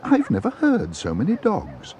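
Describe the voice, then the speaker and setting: A man voicing a gentle middle-aged mother in a cartoon, who muses in a slow way. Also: a little high, wildly swooping pitch, noisy background, voice pushed up. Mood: puzzled.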